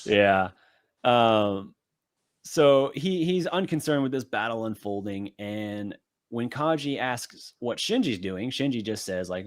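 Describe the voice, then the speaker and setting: A man co-hosting a podcast, chatting casually through an episode recap and acting out character lines in quick bits. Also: mid-range voice, expressive. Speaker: podcast co-host. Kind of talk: casual anime recap chat.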